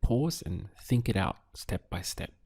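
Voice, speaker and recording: Male teacher, dark mellow voice, unhurried and patient, pausing between phrases. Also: on the low side, lively intonation, husky. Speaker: language teacher. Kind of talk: slow, clear language lesson.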